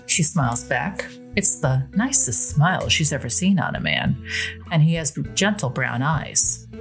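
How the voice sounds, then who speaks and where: A woman narrating a romance story in a steady, intimate storytelling manner over gameplay. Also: low-pitched, measured pace, gravelly, faint music behind. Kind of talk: romance narration over a life-sim game.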